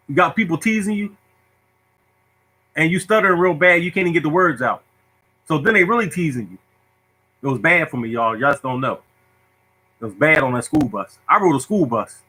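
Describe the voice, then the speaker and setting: Bright-voiced, joking male host. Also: fairly high pitch, slightly rough, low-quality recording. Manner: animated, joking, self-mocking. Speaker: lottery show host. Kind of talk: casual storytelling to viewers.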